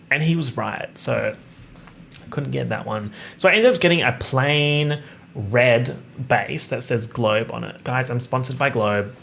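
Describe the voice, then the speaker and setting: A man's voice: mid-range voice, a little slow, creaky, a bit bright, slight background noise. A young man hosting a solo podcast, joking and swearing casually as he wanders off on tangents. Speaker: podcast host. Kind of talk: rambling solo podcast chat.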